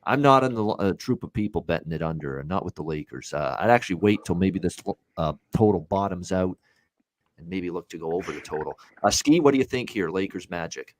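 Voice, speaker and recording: Low-voiced man hosting a betting show. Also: animated, brisk. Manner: blunt, many "uh" fillers, rattles off scores. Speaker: sports betting show host. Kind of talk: casual sports betting talk.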